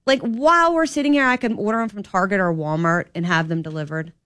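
A woman hosting an opinion talk radio show as a fill-in, talking in an animated, opinionated and rambling way into a studio microphone. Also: medium pitch, fast talker, no echo.

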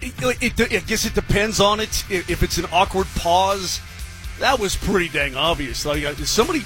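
A man co-hosting a sports talk show, talking haltingly with restarts. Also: high voice, animated, a bit bright, faint music behind. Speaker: co-host.

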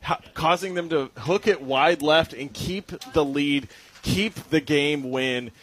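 Speaking slowly in a slightly high, fairly bright voice, a young play-by-play commentator offers cheerful post-game sports commentary. He cracks jokes and corrects his own mistakes as he goes.

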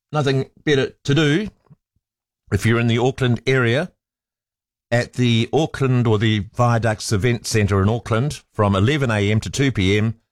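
A male radio talk host speaking in a chatty, informal way from a studio microphone. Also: on the low side. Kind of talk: casual radio talk and announcements.

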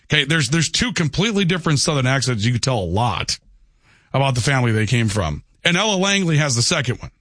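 A man's voice: mid-range voice, fairly bright tone, dry recording, clean studio sound. Emphatic rambling male radio host. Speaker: radio talk show host. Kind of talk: casual talk radio chat.

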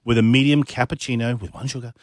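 A man on breakfast radio gives an upbeat, salesy ad read. His voice is mid-pitched and the studio sound is close and dry. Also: steady tone, quick pace, no echo. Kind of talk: scripted live ad read.

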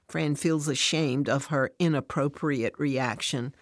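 A woman narrating a scripted devotional story in an even, measured way. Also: low voice, dry recording, clean studio sound.

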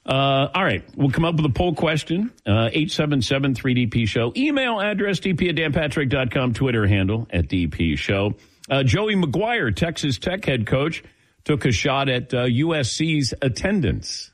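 A middle-aged man hosts a sports radio show in easy, chatty storytelling. His pitch swings widely as he goes, and he chuckles between lines. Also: very animated, normal speed. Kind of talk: casual talk radio chat.

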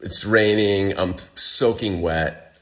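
A man with a very deep voice tells his story as an interview guest. He talks in a loose, casual way, full of fillers, and his pace shifts between rushed and drawn out. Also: fairly bright tone. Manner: casual storytelling, many fillers, speeds up and slows down. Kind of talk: recounting a personal ordeal.

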